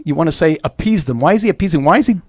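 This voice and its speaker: A man's voice: fairly high pitch, expressive, racing, no echo. A man with a slightly raised voice joins a radio talk show as a guest, recorded close and dry in the studio. He speaks wryly and makes his opinions plain. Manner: opinionated, wry. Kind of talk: casual talk show discussion.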